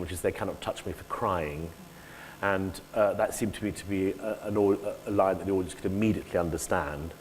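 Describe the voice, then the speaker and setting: A man, an actor, talking animatedly about his stage work in a public conversation, often breaking off and acting out lines. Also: fairly low pitch. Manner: animated, self-interrupting, acts out quoted lines. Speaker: actor, interview guest. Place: lecture hall before an audience. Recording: echoey hall with faint noise.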